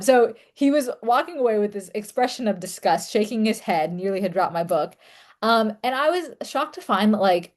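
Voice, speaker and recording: A young woman talking casually to her audience, chatty and relaxed, with many fillers and small laughs. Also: mid-range voice. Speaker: author and content creator. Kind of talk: casual solo talk to camera.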